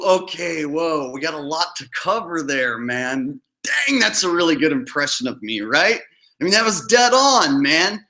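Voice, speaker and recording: A man's voice: fairly high pitch, sing-song, measured pace, pushed and bright. A man hosting his own show, mocking another creator's video with sarcastic reaction commentary and frequent laughter. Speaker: host.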